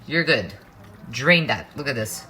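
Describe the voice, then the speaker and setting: With a bass voice that is animated, unhurried, bright and forceful, a woman hosts a relaxed cooking demo at her kitchen stove. She talks straight to her viewers with candid asides while a pan sizzles, food is stirred and clicks sound clearly in the background.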